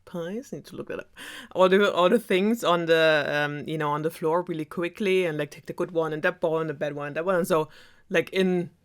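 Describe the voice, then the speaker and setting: A woman's voice: sits low, a little fast, clean tone. A young woman from Germany with a German accent, casually retelling a fairytale with lots of fillers and sarcasm. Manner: rambling, filler-heavy, lots of "like" and "um". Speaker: storyteller.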